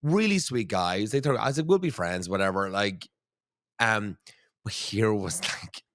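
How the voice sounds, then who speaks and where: A man from Ireland in his thirties, hosting a podcast and telling animated dating stories in casual chat, swearing freely. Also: on the low side, normal speed, no room sound, clean studio sound. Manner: animated storytelling, swearing, frequent "like". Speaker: podcast host.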